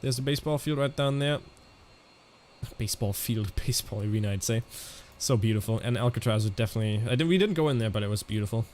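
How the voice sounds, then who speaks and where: A man streaming a flight simulator, chatting casually in a halting way and answering viewers' questions as he flies. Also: mid-range voice, a little mellow, a little hiss or hum. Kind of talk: casual live-stream commentary.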